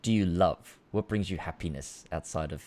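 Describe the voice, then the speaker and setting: A man's voice: deep voice, normal speed, dark tone. A young man hosting an interview from home, asking questions in a hesitant, rambling way. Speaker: host. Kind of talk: casual interview chat. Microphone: home video call.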